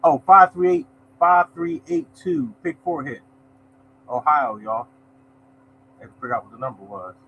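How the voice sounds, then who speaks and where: A man's voice: mid-range voice, lively intonation, moderate pace, pauses often, fairly bright tone, a little hiss or hum, rough recording. A man hosting a lottery show, chatting casually as he reads results and greets viewers by name. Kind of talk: casual live-stream chat, reading results.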